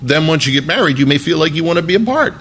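A man's voice: fairly high pitch, expressive, fast, a bit bright, slight background noise. A man preaching a sermon as a pastor, in a conversational, folksy way with emphatic asides.

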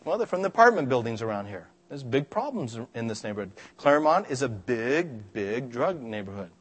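A man's voice: medium pitch, a little fast, husky. A man preaching a sermon, telling stories and acting out the voices of the people in them. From Scotland. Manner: animated, acts out voices in stories. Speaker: pastor. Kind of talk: sermon with storytelling.

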